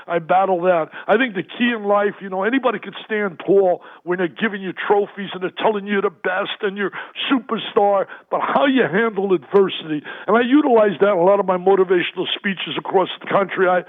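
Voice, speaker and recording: A man's voice: high voice, a little fast, hardly any pauses. An older man, a basketball analyst phoning in as a guest, talking emphatically and repeating himself with energy. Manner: emphatic, repetitive, energetic storyteller. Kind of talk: phone-in radio interview. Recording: tinny phone line.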